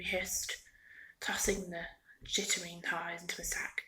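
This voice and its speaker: ASMR storyteller, woman, soft and half whispered, a touch low in pitch. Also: level tone, moderate pace, rough recording. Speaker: ASMR reader. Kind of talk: soft-spoken ASMR reading.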